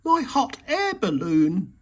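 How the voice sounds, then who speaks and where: Storybook part: a scared tiny mole, very high squeaky voice, gravelly edge, put on by a man. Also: huge pitch swings, measured pace, full character voice. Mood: astonished. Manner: high yelling cries. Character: frightened little male mole, desperate.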